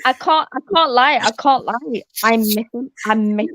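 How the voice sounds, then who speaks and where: A woman telling a story in casual chat, animated and swearing a lot. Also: fairly high pitch, normal speed, no room sound. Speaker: panel guest. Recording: slightly muffled, dull audio.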